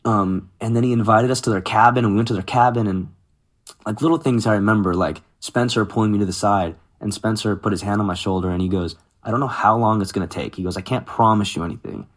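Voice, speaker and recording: A man's voice: fairly low pitch, fast talker. A man in his thirties telling stories from his music career in a casual interview, acting out what others said. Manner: animated, quotes others in lively voices.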